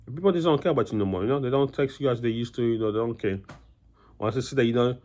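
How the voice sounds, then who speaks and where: A young man vlogs to camera about his own experiences, rambling with many restarts and "you know" fillers. He speaks rapid-fire in a warm, mid-range voice.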